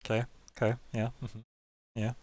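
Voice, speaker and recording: A man's voice: medium pitch, monotone, moderate pace, a little mellow. A man narrating a tabletop game as game master, in a loose style full of fillers.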